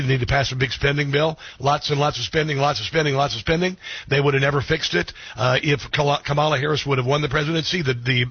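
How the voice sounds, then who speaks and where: Male talk radio host, husky and dry, blunt opinions, halting delivery with lots of fillers. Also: mid-range voice, no echo, dull audio. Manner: blunt, opinionated, many ums and restarts. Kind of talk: political talk radio commentary.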